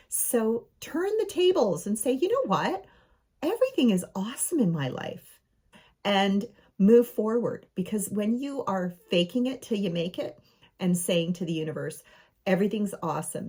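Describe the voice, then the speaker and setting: A woman's voice: lowish voice, a little mellow. A middle-aged woman coaching viewers on their homes in an enthusiastic, affirming way, calling them her friends. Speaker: space and home coach. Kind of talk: motivational coaching talk to camera.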